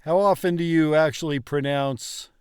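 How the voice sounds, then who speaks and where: A man's voice: a little high, moderate pace, darkish tone, clean tone, no room sound, studio quality. A man learning a language, talking hesitantly with many fillers and restarts during a lesson. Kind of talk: casual lesson talk.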